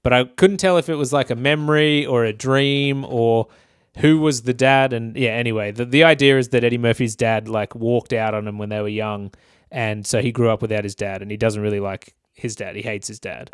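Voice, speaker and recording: A man's voice: mid-range voice, fairly even intonation, brisk, smooth, no room sound, studio quality. A man co-hosting a podcast, casually recapping a movie plot in a rambling way and acting out lines. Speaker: podcast co-host. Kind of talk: casual film review chat.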